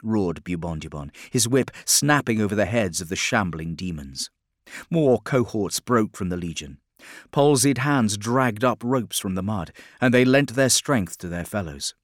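Low-voiced man narrating an audiobook. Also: lively intonation, a little slow, no room sound, clean studio sound.

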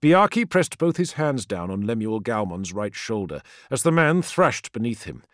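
A man giving dramatic, expressive audiobook narration. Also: medium pitch, normal speed, dry recording, studio quality. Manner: expressive storytelling.

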